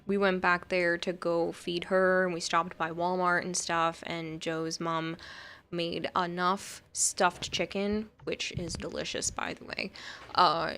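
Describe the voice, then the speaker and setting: Low-voiced woman streamer chatting casually. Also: fairly bright tone. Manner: chatty, rambling, often laughing. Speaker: livestreamer. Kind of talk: casual chat while gaming and reading chat.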